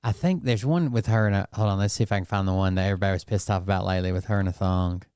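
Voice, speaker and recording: Blunt low-voiced man reacting to clips. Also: racing, darkish tone, smooth, no room sound, studio quality. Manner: blunt, disgusted, crude remarks. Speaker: commentary channel host. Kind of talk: reaction commentary.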